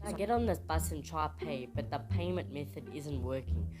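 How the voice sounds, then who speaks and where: A young man from South Africa with a South African accent, telling stories in a chatty, animated way in his room. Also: a little high, normal speed. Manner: chatty, animated, teasing complaints. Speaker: vlogger. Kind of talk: casual storytelling vlog. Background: music.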